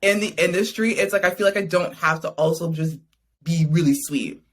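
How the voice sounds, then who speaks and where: A woman's voice: lowish voice, a little fast. A woman in her thirties from Canada, a podcast guest in casual chat, blunt and laughing, often quoting herself. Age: 30s.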